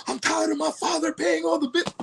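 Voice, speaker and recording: A man's voice: very high-pitched, fairly even intonation, brisk, gravelly, a bit bright, voice pushed up, heavily acted. A man mimicking his upset wife as she rants, stammers and threatens to sue. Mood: ranting.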